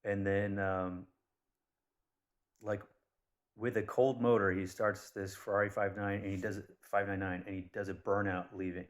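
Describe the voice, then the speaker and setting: Very low male voice, candid vlogger who tells stories with blunt asides. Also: normal speed. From Persian background. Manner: blunt, swears, animated retellings. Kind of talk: casual rambling monologue.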